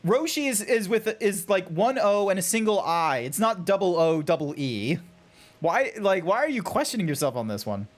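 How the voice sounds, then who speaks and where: A man's voice: sits high, sing-song, moderate pace. A man with an Australian accent chatting casually while streaming a game, swearing and laughing easily. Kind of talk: casual gaming livestream chat.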